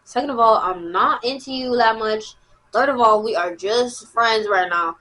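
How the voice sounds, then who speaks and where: A woman's voice: on the high side, moderate pace. A teenage girl telling a story in a casual, slangy way, repeating herself and acting out what people said. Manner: animated, slangy, repeats herself, acts out quotes. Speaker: storyteller vlogger.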